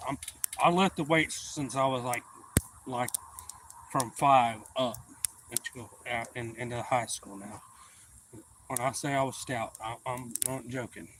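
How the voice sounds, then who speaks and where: A man hosting a livestream, telling profane stories in a casual, animated way and acting out the voices of the people in them. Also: medium pitch, measured pace, pauses often, noisy background. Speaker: livestream host. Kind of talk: casual storytelling.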